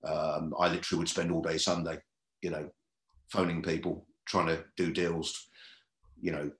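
A very low-pitched man talks through his early working years in a podcast interview. He rambles and repeats himself as he goes. The room adds a noticeable echo to his voice. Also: little pitch movement, normal speed, a bit bright. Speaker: comedy club booker and comedian. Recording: roomy echo.

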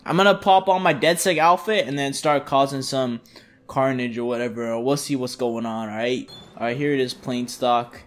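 A young man commenting on his own gameplay in loose slang, excitable and swearing constantly. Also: mid-range voice, normal speed. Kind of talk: casual let's-play commentary.

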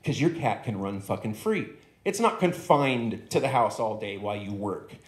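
Brief: comedian playing an aggrieved, foul-mouthed dog on a rant, pitched up, echoey club. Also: male voice, expressive, moderate pace, natural voice. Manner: aggrieved, profane, lecturing. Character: angry ranting male dog with a grievance.

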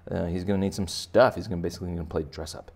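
Gravelly-voiced man teaching kids to draw. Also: sits low, fairly even intonation, rapid-fire. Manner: playful, chatty, talks to children directly. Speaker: art teacher. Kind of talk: step-by-step drawing lesson for kids.

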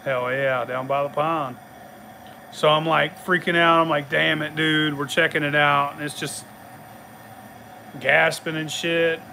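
A man's voice: on the high side, steady tone, unhurried, vocal fry, pauses often, sharp tone, slight background noise. A middle-aged man, telling a rambling, profane story in casual chat and laughing along the way. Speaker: channel host.

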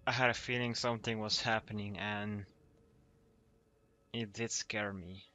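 A man's voice: lowish voice, fairly even intonation, unhurried, bright, forceful tone. A young man commenting nervously as he plays a horror game, joking and swearing as he goes. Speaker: gamer.

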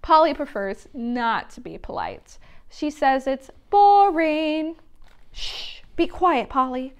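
A woman with a high voice leads a children's story time, reading a picture book aloud and singing simple songs. She speaks slowly, gently and sing-song, as if to small children. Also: lively intonation. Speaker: children's librarian.

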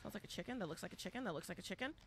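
A woman streaming a live game, talking fast and often in bursts, shouting and repeating herself as the game goes on. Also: medium pitch, slight background noise. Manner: animated, exclaiming and shouting at the game; talks to chat and teammates, repeats phrases. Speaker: gaming streamer. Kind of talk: live gameplay commentary.

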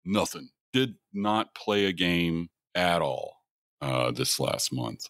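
A man's voice: low-pitched, slow pace, no echo, clean studio sound. A man co-hosting a casual podcast chat, swearing freely and laughing through his stories. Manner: profane, laughing, animated storyteller. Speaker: podcast co-host, show editor.

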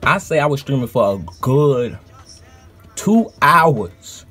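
A man with a husky voice tells a story straight to camera in a casual vlog. He talks animatedly and swears freely as he rants. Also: medium pitch, very animated, slow, bright, forceful tone, soft background music. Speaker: streamer.

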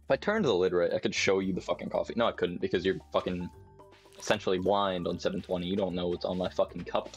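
This young man streams a farming game through a desk mic with a webcam, rambling to himself and swearing a lot in casual commentary. His voice is low and fairly even, he talks fast, the highs are cut off, and soft music plays behind him.

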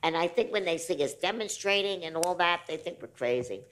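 A woman's voice: on the low side, lively intonation, brisk, a bit bright. A woman on a discussion panel, talking bluntly and emphatically about her experiences. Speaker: panelist, disability rights activist. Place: festival screening venue.

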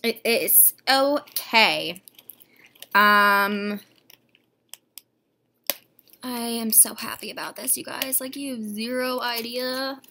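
A woman vlogging an unboxing in a casual, gushing way, a little congested from a cold and often slipping into a breathy whisper. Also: fairly high pitch, takes it slowly, pauses often, slight background noise. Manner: gushing and excitable. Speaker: doll collector vlogger. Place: at home with a dog.

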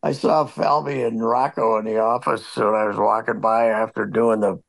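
A man's voice: on the low side, flat delivery, normal speed, gravelly. A man, a sports columnist, chatting on a podcast as a guest, telling stories in a rambling, wry and grumbling way full of fillers and restarts. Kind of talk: casual podcast chat.

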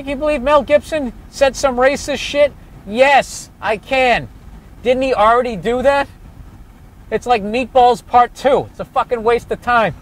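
A man doing comedy as he walks a city street outdoors, ranting loudly and sarcastically and swearing constantly. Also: high-pitched. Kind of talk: profane ranting walking tour.

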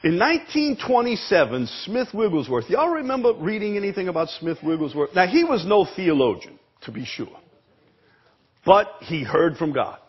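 Husky preacher with lively pitch. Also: male voice, normal speed, dull audio. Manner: emphatic preaching, repeats words, asks the congregation questions. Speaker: pastor. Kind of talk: sermon. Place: church sanctuary.

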